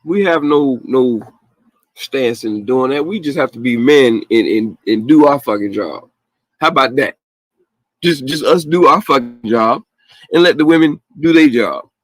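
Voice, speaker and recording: Dude ranting on a late night call-in show, heavy cussing, aave, medium voice, dry close mic. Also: male voice, medium pitch, unhurried, no room sound. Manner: profane, animated ranting with laughs.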